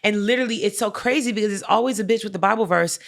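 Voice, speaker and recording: A woman co-hosting a podcast in loose, casual chat. She tells stories with animated energy, leans on slang and swearing, and scatters "like" and "literally" through her sentences. Her voice sits at a middle pitch. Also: racing, gravelly. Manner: fillers "like" and "literally". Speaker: podcast co-host.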